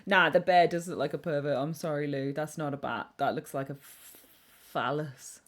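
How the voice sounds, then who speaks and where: A young woman streaming live, chatting casually and excitably on tangents while reading chat aloud. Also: deep voice. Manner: excitable, rambling, quick tangents. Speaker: game streamer.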